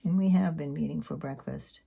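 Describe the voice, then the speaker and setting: Older lady in her 70s, low husky gravelly voice, chatty and candid while she paints. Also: moderate pace, dark tone. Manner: rambling, candid, self-deprecating. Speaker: sketchbook artist. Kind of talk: casual reflective talk while painting.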